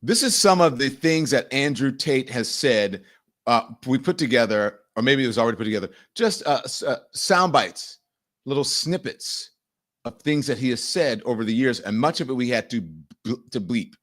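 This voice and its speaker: Animated male news show host. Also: mid-range voice, normal speed. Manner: animated, mimics people in quoted voices. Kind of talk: live news commentary.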